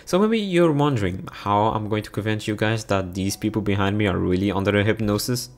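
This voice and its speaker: Low-voiced man narrating a visual novel. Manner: brisk first-person narration, breaking off to laugh at slips. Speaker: game streamer reading a visual novel. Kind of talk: reading game narration aloud.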